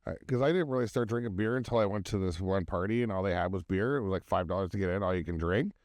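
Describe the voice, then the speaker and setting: A man's voice: low voice, quick pace, darkish tone, no echo, studio quality. A man in his thirties co-hosting a casual drinking podcast, telling profane, giggly stories. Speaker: podcast co-host.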